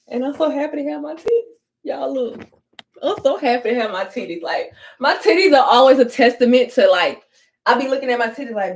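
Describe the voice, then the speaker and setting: A woman's voice: on the high side, lively intonation, brisk. A young woman telling stories to viewers in a casual get-ready-with-me vlog, blunt and full of profanity. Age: young adult. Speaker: vlogger.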